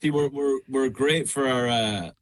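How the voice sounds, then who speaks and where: A young man with a midlands Irish accent, chatting casually as a radio guest over a remote call, easygoing with frequent ums and quick laughs. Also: mid-range voice. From Ireland. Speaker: guest singer.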